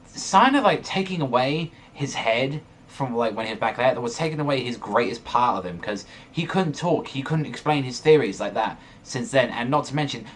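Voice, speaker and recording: A young man hosting a manga reaction video, talking in an excited, rambling way and swearing a lot. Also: medium pitch, moderate pace, hardly any pauses, a little hiss or hum. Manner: excitable, swears often, rambling run-on sentences. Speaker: manga reaction channel host. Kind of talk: excited casual reaction monologue.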